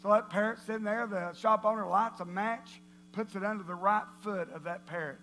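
A man preaching to a church congregation, telling jokes in a playful, animated way. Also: high-pitched, brisk, a little hiss or hum. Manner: playful, animated storytelling with laughter.

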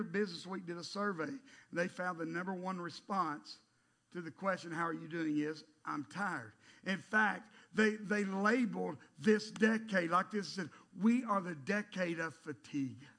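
A middle-aged male pastor preaching a sermon in an animated way, swinging from loud emphatic bursts to hushed asides. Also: sits high, gravelly.

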